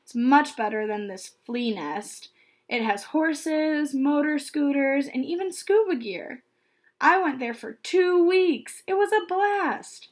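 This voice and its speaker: A woman doing a snooty schoolgirl, haughty, snapping, high voice. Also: lively intonation, slow. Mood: boastful. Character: spoiled, snooty rich schoolgirl.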